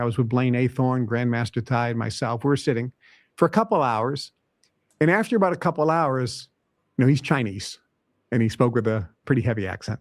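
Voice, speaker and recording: A man's voice: mid-range voice, no echo, clean studio sound. A man hosting a self-help podcast who gives motivational advice in an emphatic way, listing points and repeating them. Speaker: podcast host.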